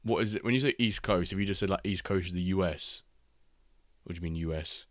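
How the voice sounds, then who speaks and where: A man, chatting casually and reacting excitably while hosting a live football watchalong stream. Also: sits low, fast talker, dry recording, clean studio sound. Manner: rambling, excitable reactions to match action.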